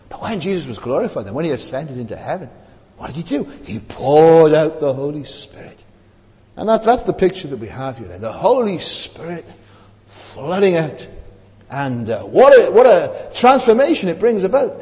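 Chatty chapel preacher in a reverberant hall. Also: male voice, mid-range voice, darkish tone. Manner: conversational, keeps asking "isn't it?". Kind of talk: sermon.

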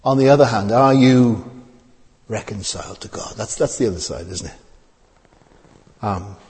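A man's voice: lowish voice, normal speed. A man preaching a sermon, asking his listeners many rhetorical questions as his voice rises and falls. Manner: rhetorical questions, lively rising and falling delivery. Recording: long hall reverb.

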